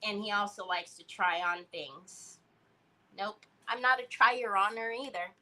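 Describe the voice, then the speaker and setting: A woman's voice: mid-range voice, measured pace, pushed and bright. A middle-aged woman hosting a crafting livestream, chatting in a rambling, storytelling way as she works. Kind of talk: casual chat while crafting.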